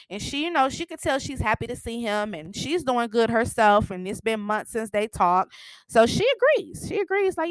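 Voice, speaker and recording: A woman's voice: a little high, expressive, moderate pace, clear, resonant tone, dry recording. Sassy woman chatting through a recap. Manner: chatty and sassy, laughs often, acts out characters' lines. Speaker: TV recap vlogger. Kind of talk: casual TV episode recap.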